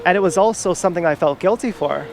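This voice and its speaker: With faint city traffic in the background, a man vlogs as he walks around town, rambling through a personal, confessional story and cursing freely. He speaks fast in a high-pitched voice with vocal fry.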